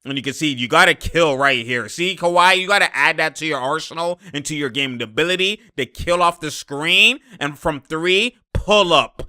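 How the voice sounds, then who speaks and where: Excitable young man breaking down basketball. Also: fairly high pitch, normal speed, few pauses, clear, resonant tone. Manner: excitable, laughing often, repeats catchphrases. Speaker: basketball commentator. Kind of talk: casual game breakdown over highlights.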